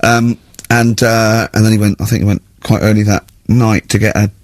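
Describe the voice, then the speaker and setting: Animated man on a dry studio mic. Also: lowish voice, normal speed, no echo. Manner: animated storyteller who acts out shouting characters. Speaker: radio show host. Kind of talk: casual radio chat. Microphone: studio microphone.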